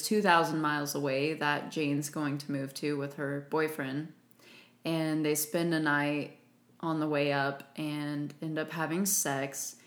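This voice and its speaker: A woman co-hosting a podcast, chatting casually and laughing as she recaps a movie plot. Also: deep voice. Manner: chatty, laughs often, acts out quotes. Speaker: podcast co-host. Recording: echoey room.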